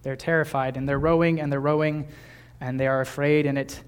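A man's voice: a little high, level tone, brisk, smooth. A young man in his twenties preaching a sermon in a conversational way, with small laughs and restarts. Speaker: pastor.

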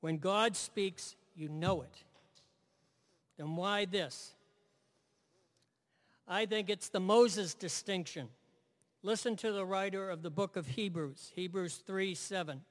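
A man's voice: sits high, slow pace, pauses often, long reverb tail. A man preaching a sermon in a conversational way, asking his listeners "right?" and repeating key phrases.

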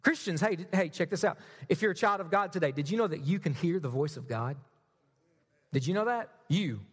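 A man's voice: on the high side, expressive, fairly quick, breathy edge, long reverb tail. A man preaching a sermon as a pastor, addressing the congregation directly and with self-deprecating humor.

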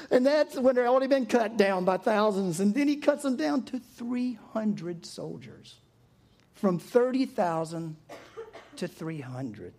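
A man's voice: high-pitched, slow, long pauses. A man preaching a sermon in a casual, storytelling manner. He acts out voices for the characters as he goes and often breaks into a chuckle. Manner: animated storytelling, acting out quotes, chuckling. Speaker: pastor.

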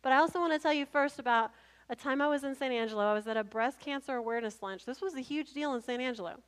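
Lady pastor preaching, high voice, funny lively storyteller. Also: fast talker, clean tone. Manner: humorous, animated storyteller. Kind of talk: sermon.

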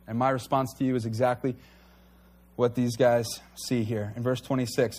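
A man's voice: medium pitch, fairly even intonation, a little fast, darkish tone. A man preaching a conversational sermon to a church congregation, earnest and candid. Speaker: pastor.

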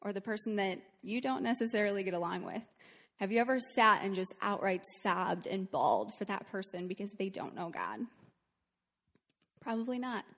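Her mid-range voice fills a big-room space as this worship leader chats with the congregation. She tells them a story earnestly and casually, often pausing on "um."

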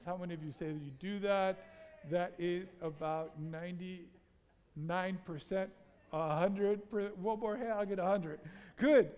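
A man preaching to a congregation, telling a story with animated energy and putting statistics to the crowd. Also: high voice, muffled recording. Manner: animated storytelling, acting out his own panic. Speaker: pastor. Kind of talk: sermon. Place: church sanctuary. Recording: long church reverb.

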